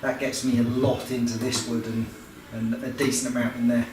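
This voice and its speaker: A man's voice: medium pitch, little pitch movement, moderate pace, darkish tone. Practical man narrating a bathroom build. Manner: plain, practical, chatty with fillers. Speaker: woodworking vlogger. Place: house under renovation, indoors. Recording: echoey room with noise.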